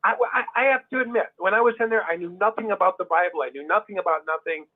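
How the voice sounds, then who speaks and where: A man's voice: high-pitched, fast. A man talking casually and with heat, restarting his sentences often. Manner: emphatic, heated, many restarts. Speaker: guest. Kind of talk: casual conversation. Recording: tinny phone line.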